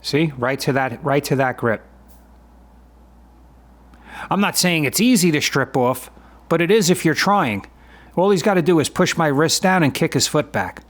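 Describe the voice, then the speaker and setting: A man in his fifties speaks at normal speed in a slightly high, animated voice, leaving long pauses. In voice-over commentary on his own grappling sparring video, he narrates and explains matter-of-factly, as if in conversation.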